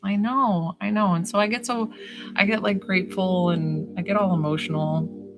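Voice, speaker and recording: A woman's voice: medium pitch, steady tone, moderate pace, low-quality recording. A woman, a psychic healer, chatting casually and bubbly on a live stream, greeting viewers by name. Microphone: phone camera. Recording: live stream with music playing behind. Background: music.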